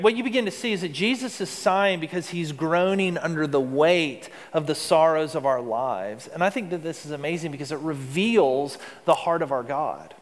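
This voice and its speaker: A man's voice: a little high, long reverb tail. A man preaching a sermon as pastor, in an earnest, conversational way with rhetorical questions.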